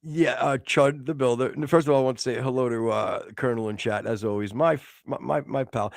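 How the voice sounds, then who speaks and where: A man's voice: medium pitch, a little fast, gravelly, hardly any pauses, no room sound, clean studio sound. A middle-aged American man hosting a casual live-stream talk show, rambling with stammered restarts and bursts of mock exasperation. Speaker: podcast host.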